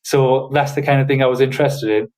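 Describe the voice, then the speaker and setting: Talking fast in a mid-range voice, a Newcastle man with a northern English accent chats as a podcast guest. He's relaxed but hesitant, leaning heavily on fillers, and the recording is rough.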